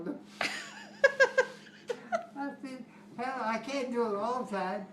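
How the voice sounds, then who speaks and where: A man's voice: very high-pitched, animated, extremely slow, long pauses. An older man telling family stories in a casual, rambling way, chuckling often. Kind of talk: casual storytelling. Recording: roomy home recording with background noise.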